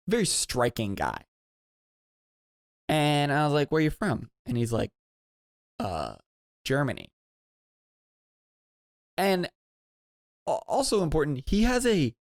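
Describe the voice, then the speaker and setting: Casual storytelling from a podcast co-host: he spins a long, meandering tale in a loose, lively way, frequently switching to a high voice for quotes. The sound is dry and close-miked, with no echo or room sound.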